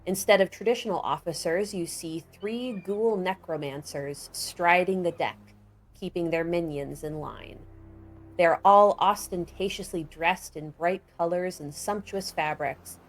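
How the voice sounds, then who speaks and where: A woman's voice: sits low, gravelly. A woman game master narrating and setting scenes for a tabletop game.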